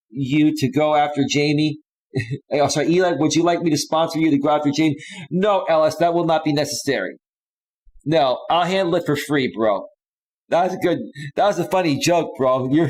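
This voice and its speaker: A man hosting a live stream, casually chatting and reading out viewer comments and donations. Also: fairly high pitch. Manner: laid-back, says "bro" and "man" often.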